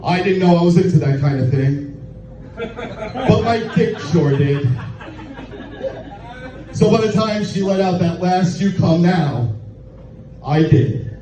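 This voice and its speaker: A man doing crude stand-up at a bar open mic, telling a raunchy story in a deadpan way. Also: high-pitched, measured pace, pauses often, crowd noise. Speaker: stand-up comedian. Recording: echoey, distant, muffled room recording with noise.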